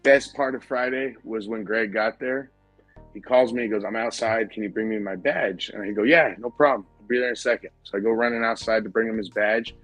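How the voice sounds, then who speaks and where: A man's voice: lowish voice, a little fast, no echo, faint music behind, rough recording. A man hosting a casual podcast, telling a convention story with lots of swearing and laughter. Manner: profane, animated, laughing while telling stories. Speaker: podcast host.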